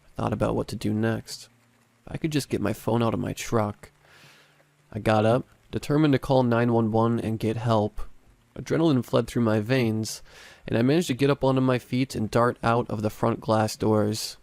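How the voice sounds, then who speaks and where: A man narrating a first-person horror story in a measured, dramatic way. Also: medium pitch, steady tone, creaky, a little mellow, no room sound.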